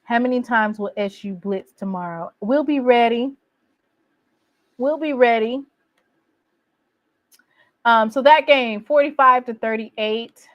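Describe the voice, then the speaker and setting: A woman with a fairly high voice gives a casual, boastful sports recap, teasing rival fans with animated outbursts. The sound is dry and close, with no room around her. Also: slow pace, long pauses, no room sound, dull audio. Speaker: college football fan vlogger. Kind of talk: casual trash-talking recap.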